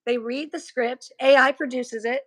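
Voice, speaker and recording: A woman's voice: high-pitched, steady tone, moderate pace, no room sound. A woman chatting casually and telling a story, often laughing, and losing her voice. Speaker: livestream co-host. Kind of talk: casual chat.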